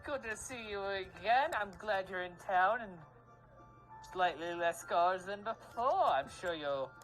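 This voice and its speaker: A man's voice: measured pace, faint music behind, rough recording. A smug, genteel nobleman greets everyone with polished courtesy and a voice that rises and falls widely, as a man puts him on. His manners are elaborate and a little too sweet. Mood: pompous. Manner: genteel, overly polite, lively pitch. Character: courteous pompous nobleman, man, middle-aged.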